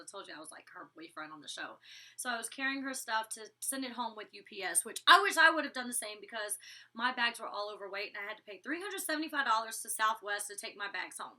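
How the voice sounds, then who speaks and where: A young woman chats through a reality show recap in a gossipy, blunt way, swearing freely. Her voice is fairly high and strikingly bright. She sits a little way back from the microphone. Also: distant mic. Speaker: reality show cast member reviewing her episode. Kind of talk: casual vlog recap.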